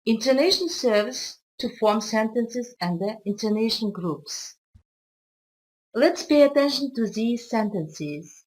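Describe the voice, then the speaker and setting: A woman with a Kazakh accent, a college English teacher whose first language is Kazakh, explaining intonation slowly and carefully in a recorded video lesson. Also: on the high side, lively intonation, darkish tone, rough recording. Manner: slow, careful explanatory delivery with occasional restarts.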